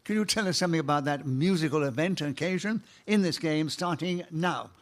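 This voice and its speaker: A man's voice: fairly high pitch, brisk. A man chairing a radio comedy panel game, genial and sometimes stumbling over his words. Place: radio studio with a live audience.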